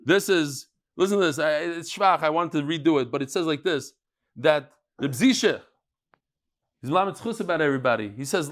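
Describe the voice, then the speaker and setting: A man teaching a Talmud class, telling stories with animated delivery and jumping between voices. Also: on the high side, moderate pace. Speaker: Talmud lecturer. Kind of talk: lively storytelling lecture.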